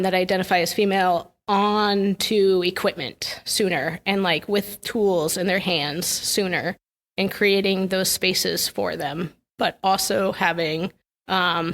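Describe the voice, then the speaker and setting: A woman in her forties who owns a trail business, chatting casually and thoughtfully in a podcast conversation. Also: lowish voice. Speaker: trail contracting business owner.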